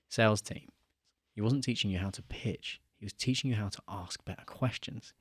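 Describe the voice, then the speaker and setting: A young man with a low voice tells a story in a casual podcast chat. He livens up as he acts out both sides of the conversation. The sound is close and dry, with no room echo. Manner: animated, acts out quoted dialogue. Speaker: podcast guest.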